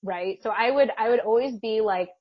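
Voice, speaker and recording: A woman's voice: a little high, normal speed, slightly rough, no echo, lo-fi sound. A woman podcast co-host casually telling a long personal story, chatty, with frequent laughs and restarts. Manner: chatty, laughs often, many fillers and restarts.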